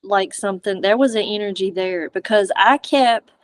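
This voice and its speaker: A woman guest chatting casually about a paranormal investigation, excitable, laughing often and trailing off mid-sentence. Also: medium pitch, normal speed, dry recording. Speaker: guest, fellow paranormal channel creator. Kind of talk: casual chat.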